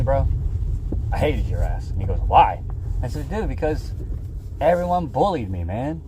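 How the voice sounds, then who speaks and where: A young man chatting casually with his stream viewers, rambling and saying "man" and "bro" a lot. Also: medium pitch. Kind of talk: casual chat. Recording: lo-fi stream audio with loud background noise.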